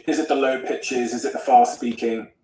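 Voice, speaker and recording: A man's voice: medium pitch, steady tone, normal speed, mellow, slight background noise. Casual man asking questions, roomy far-off sound. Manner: casual, asks probing questions. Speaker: podcast host. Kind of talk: podcast conversation.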